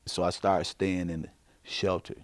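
A middle-aged man from Chicago giving a personal testimony in a halting, informal way, full of fillers. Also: low voice, flat delivery, no room sound. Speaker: interviewee.

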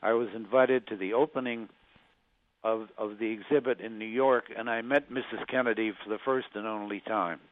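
A man's voice: on the low side, steady tone. Older man on a tinny phone line. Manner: halting, with many restarts and fillers. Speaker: interview guest, former magazine journalist. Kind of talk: recalling past events in an interview.

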